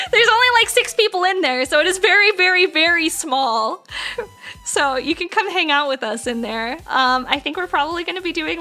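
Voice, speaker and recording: A woman's voice: high voice, pushed and bright. A woman streamer chatting casually with her live chat while she crafts, gushing and talkative, with lots of fillers.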